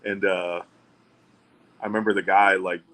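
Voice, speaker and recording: A man's voice: deep voice, flat delivery, moderate pace, bright, forceful tone, rough recording. A middle-aged man hosting a casual chat, telling profane, wry anecdotes and acting out the other people's lines. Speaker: podcast co-host.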